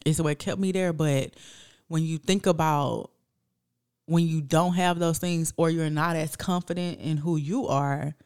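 A woman's voice: low voice, measured pace, clean tone. A woman in her thirties co-hosting a podcast, chatting casually and acting out quotes as she tells stories. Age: 30s. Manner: animated storyteller, acts out quotes. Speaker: podcast co-host. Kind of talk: casual chat.

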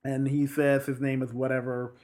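A man retelling a film's story in relaxed, casual conversation. He slips into the characters' lines with sudden bursts of energy, then drops back to an easy, mid-pitched narrating voice. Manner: animated, acts out characters' lines in quick bursts. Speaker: film recapper. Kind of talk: casual chat, retelling a film plot.

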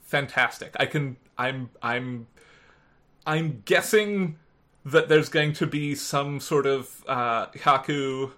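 A podcast host, a woman, talking casually with a clear, bright edge to her voice. She laughs easily and often restarts her sentences mid-thought. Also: a bass voice, slow. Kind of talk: casual podcast chat and outro.

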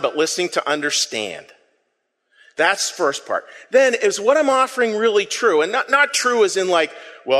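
A pastor preaches an interactive sermon, playful and self-deprecating, calling on the congregation to repeat words after him in call-and-response. His slightly high, fairly bright voice rings out through the long reverb of a church sanctuary.

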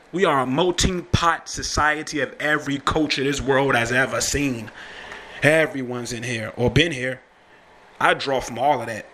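A young man rambles through a loose, swear-heavy monologue as a talk host, laughing often as he goes. His voice is bright and forceful. A faint hiss of noise sits behind him. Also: medium pitch, moderate pace. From Virginia, USA. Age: young adult. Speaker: podcast host and rapper. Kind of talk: casual profane monologue.

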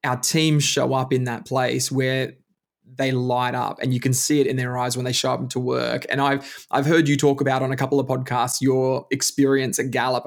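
A man who works as a strengths coach, hosting a podcast interview and talking in a reflective, steady way with frequent restarts. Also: medium pitch. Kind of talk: conversational interview.

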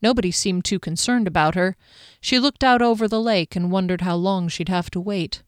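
Woman audiobook narrator, measured fantasy reading, smooth resonant voice, dry studio sound. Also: fairly low pitch, no room sound.

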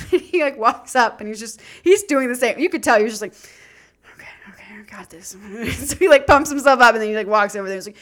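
A woman's voice: fairly high pitch, lively intonation, quick pace, hardly any pauses, a bit bright. A young adult woman, a podcast co-host, telling a long casual story, acting out quoted voices with lots of "like".

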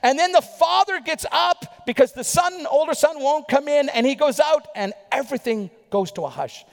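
A man preaching a sermon with animated storytelling, rhetorical questions and quick asides. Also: extremely high pitch, vocal fry, big-room sound.

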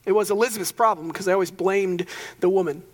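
A man's voice: high-pitched, steady tone, fast, long reverb tail. A young man preaching a sermon as pastor, casual and conversational, with joking asides.

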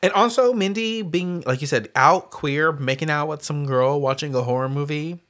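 A man's voice: fairly high pitch, normal speed, fairly bright tone. A man in casual podcast chat, talking through movie scenes with lots of energy and casual swearing. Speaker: podcast co-host. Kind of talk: casual chat reviewing a film.

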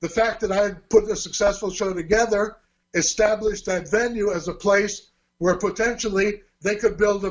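A man's voice: high-pitched, lo-fi sound. A man, a martial arts teacher and fight promoter, telling his story in an interview in a chatty way with restarts. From Australia. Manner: chatty, with restarts and quoted dialogue.

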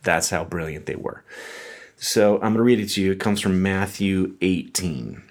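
A man's voice: low voice, normal speed. A man preaching a sermon in a conversational way, reading scripture and explaining it with asides. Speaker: pastor.

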